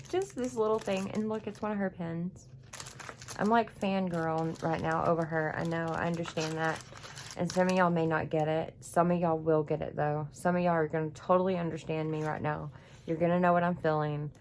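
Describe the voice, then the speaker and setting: A woman's voice: on the low side, darkish tone, a little hiss or hum. A woman chatting in her home craft room, gushing and emotional as she unboxes craft supplies for viewers. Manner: gushing, emotional, chatty, says y'all a lot. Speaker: craft YouTuber. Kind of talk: casual craft unboxing vlog.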